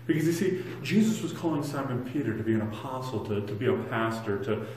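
Earnest pastor preaching in an echoey church. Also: male voice, medium pitch, expressive, fast, hardly any pauses, slight background noise. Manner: earnest, swings between loud emphasis and soft hushed lines; repeats words when restarting. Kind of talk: sermon. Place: church sanctuary.

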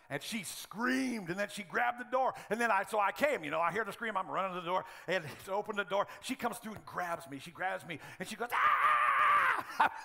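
A middle-aged pastor preaching in a church, his voice high, gravelly and bright. He keeps the sermon lively with humorous stories and animated delivery. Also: fairly quick.

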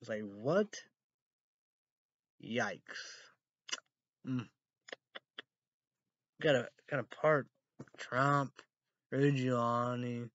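A man rambling profanely on a stream, swinging from low mumbles to loud outbursts. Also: steady tone, drawn-out words, long pauses, no echo, highs cut off. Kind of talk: rambling live stream talk.

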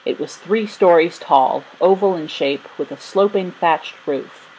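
A woman narrating a children's storybook in a gentle, steady reading voice. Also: on the low side, measured pace, a little hiss or hum, poor audio. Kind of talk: storybook read-aloud.

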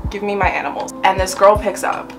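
A woman's voice: mid-range voice, fairly quick, soft background music. Chatty young woman, swearing story time. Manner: chatty, swearing, many fillers. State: a little high. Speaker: vlogger.

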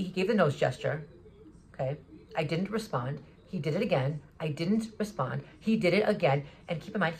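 A vlogger talking in an agitated, rambling monologue, often restarting sentences and swearing. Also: mid-range voice. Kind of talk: monologue recounting an encounter.

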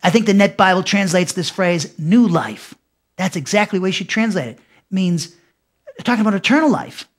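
A man with a notably high-pitched voice teaches scripture verse by verse. He speaks emphatically, doubling back on his words and restarting sentences as he drives each point home. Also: animated, brisk. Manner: emphatic, repeats himself, restarts phrases. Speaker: pastor. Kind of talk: expository Bible teaching.

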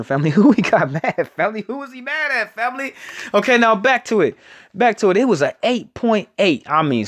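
High-voiced man preaching, calling everyone family. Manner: repeats "family" after nearly every phrase, rambling and emphatic; drags out key words slowly for emphasis. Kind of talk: casual preaching to an online audience.

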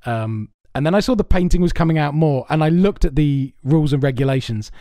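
A man's voice: a little high, animated, fairly quick, warm tone, no room sound. Rambling, sweary man podcasting from home. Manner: rambling, laughing, sweary storyteller. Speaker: podcast co-host. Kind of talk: casual chat. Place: home recording space with soundproofing.

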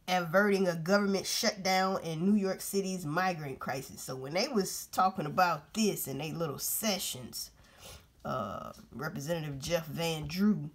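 Husky low-voiced woman vlogger, blunt. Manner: blunt, profane, talks straight to viewers. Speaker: news commentary vlogger. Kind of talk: casual commentary on news clips.

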